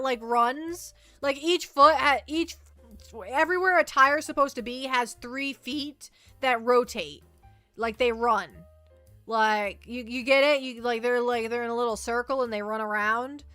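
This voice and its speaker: A woman streaming as a VTuber, chatting casually in a rambling, animated way and reacting to her chat. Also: sits high, dry recording. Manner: rambling, animated storytelling, reads chat aloud.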